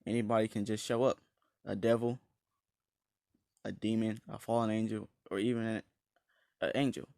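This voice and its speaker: A man voicing an impatient young male rogue priest who lectures, in a quick aside within a casually told fan story. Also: on the low side, flat delivery, creaky, darkish tone, clear, resonant tone, no room sound, clean studio sound. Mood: scolding.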